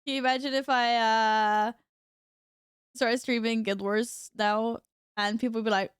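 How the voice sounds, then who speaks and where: Fixing her audio mid-stream, a woman chats casually with her game viewers in a somewhat flustered way. Her voice is a little high, smooth and level in tone, delivered at a measured pace. There's no room sound, and the quality is studio-grade.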